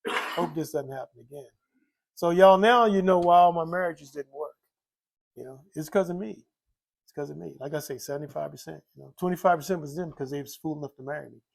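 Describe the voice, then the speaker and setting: An older man telling the story of his recovery from alcohol in a rambling, candid way, repeating himself and filling pauses with "you know". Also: a little high, gravelly. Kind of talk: candid personal testimony.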